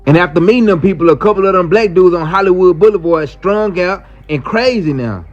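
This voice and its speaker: A storyteller's voice sits high and brisk as he casually recounts a wild thing that happened to him, using lots of slang and performing the quotes. The clip sounds muffled, with faint music in the background.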